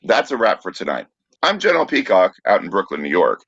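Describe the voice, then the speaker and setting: A man's voice: low voice, huge pitch swings, brisk, gravelly, fairly bright tone, slightly rough, no room sound. A man co-hosting a podcast from Brooklyn, with a dry, teasing manner and plenty of fillers. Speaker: podcast co-host. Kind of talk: casual podcast banter and sign-off. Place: Brooklyn, New York. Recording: dry, dull lo-fi sound.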